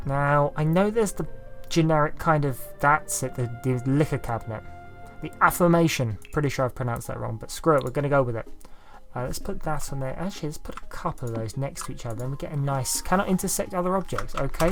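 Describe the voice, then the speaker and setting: Rambling Southern English man narrating gameplay. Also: on the high side. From south of England. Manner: rambling, self-deprecating, chatty. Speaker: YouTuber building in a life-sim game. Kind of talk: casual gameplay commentary.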